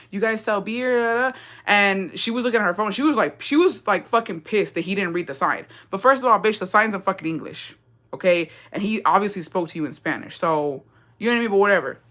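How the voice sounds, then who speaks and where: A woman's voice: medium pitch, a bit bright. A young woman hosting a livestream, telling a story in a slangy, profane, chatty rant and reading out viewer comments. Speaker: livestream host.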